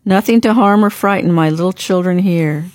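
A woman reading a gentle, kindly male teacher. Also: lowish voice, dry recording, natural voice. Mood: tender. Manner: slow, tender storytelling to children. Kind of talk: audiobook reading.

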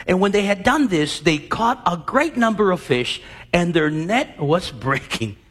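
Husky, animated preacher in a large hall. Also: male voice, sits high, a little slow. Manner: animated, acts out scenes and quizzes the congregation. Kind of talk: sermon.

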